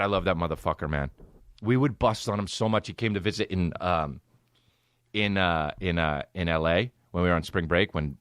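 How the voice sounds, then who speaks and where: Man, thirties, podcast host, very deep voice, laid-back, profane, rambling, dry sound. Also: a bit bright, smooth, no room sound. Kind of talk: casual comedic storytelling.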